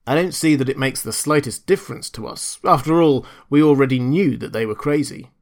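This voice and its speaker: A man's voice: medium pitch, fairly quick, close to an everyday voice. A man voicing George, a bored and homesick computer engineer who talks in a dry, grumbling way, in an audiobook reading. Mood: weary. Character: weary, bored male computer engineer far from home.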